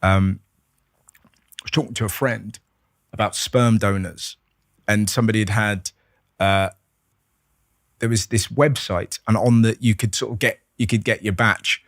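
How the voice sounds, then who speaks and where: A lower-voiced comedian, chatting on a podcast. He tells lively stories, slips into voices and swears freely. The sound is dry and close. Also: unhurried, pauses often, no echo. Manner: animated storyteller, acts out voices, swears freely. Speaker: comedian guest. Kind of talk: casual podcast conversation.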